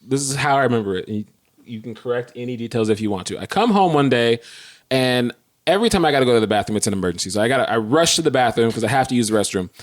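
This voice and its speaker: A man's voice: mid-range voice, animated, racing. A man co-hosting a podcast, telling a story in casual chat and acting out his own outrage with self-mocking humor. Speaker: podcast co-host.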